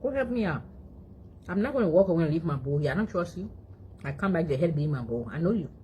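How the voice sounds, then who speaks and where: Chatty woman vlogger, very low voice, phone mic at home, faint background noise. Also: animated, fast talker, dark tone, lo-fi sound. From Africa. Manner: chatty, talks to her dog between mouthfuls, frequent chewing hums. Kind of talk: casual eating vlog chat.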